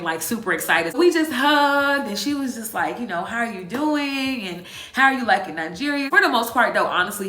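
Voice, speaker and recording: A woman's voice: mid-range voice, bright, forceful tone. A woman in her twenties telling a dramatic, slang-filled story straight to her viewers in a casual vlog. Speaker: vlogger. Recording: echoey room.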